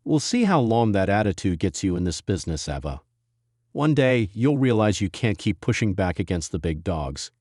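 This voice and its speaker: A man voicing a smug veteran wrestler guy, low and gruff, talks down to people, deep dry voice. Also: big pitch swings, normal speed, darkish tone, dry recording. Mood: condescending. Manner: condescending, lecturing.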